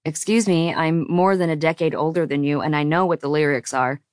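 A woman's voice: low voice, fairly even intonation, fairly quick, a little mellow, smooth, dry recording, natural voice. A woman voicing a confident, teasing man who banters smugly with his lover. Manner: dry, smug banter.

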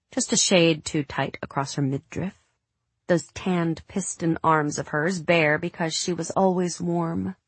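Woman reading a novel, kinda husky low voice, dry close mic. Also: no room sound. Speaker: audiobook narrator. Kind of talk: scripted narration.

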